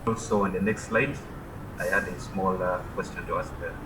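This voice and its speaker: A man, a student in an online class, asking a halting question over a video call. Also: low-pitched, steady tone. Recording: echoey noisy call audio.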